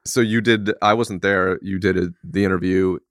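Deep-voiced guy rambling on a podcast, dry close sound, lots of likes and restarts. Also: steady tone, normal speed, no room sound. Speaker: podcast co-host. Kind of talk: casual chat.

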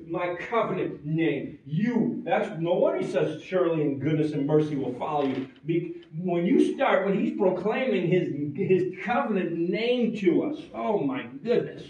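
A man preaching a sermon, stressing and repeating key words, at times rising loud and at times dropping very quiet. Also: high-pitched, animated, measured pace, hardly any pauses. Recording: echoey and distant, dull sound.

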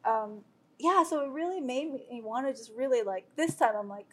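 A woman's voice: high-pitched, expressive, moderate pace, fairly bright tone. A woman earnestly sharing a personal faith testimony with viewers, talking loosely with many fillers and restarts. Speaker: speaker sharing a devotional.

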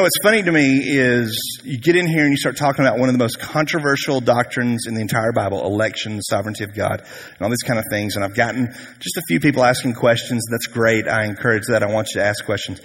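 A man preaching a sermon as a pastor, telling the story in a conversational, animated way with humor. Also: mid-range voice, a little hiss or hum. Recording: long hall reverb.

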